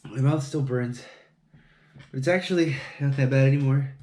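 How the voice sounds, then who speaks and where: A man's voice: mid-range voice, normal speed, dark tone. A man vlogging on his own, mumbling to himself and mocking himself, with plenty of swearing. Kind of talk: casual solo vlog talking to camera while building. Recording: echoey room.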